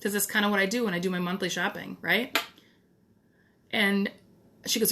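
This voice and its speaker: A woman's voice: medium pitch, steady tone, quick pace, pauses often, pushed and bright, a little hiss or hum. A middle-aged woman talking casually to the camera in a DIY vlog, chatty and blunt, with some mild swearing. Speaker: DIY vlogger.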